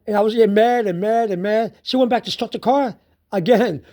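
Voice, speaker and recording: A casual personal storyteller talking through a frustrating day. They speak slowly and loop back over the same phrases again and again. Frequent bursts of laughter run through the telling. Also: mid-range voice, dark tone. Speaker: storyteller recounting their day.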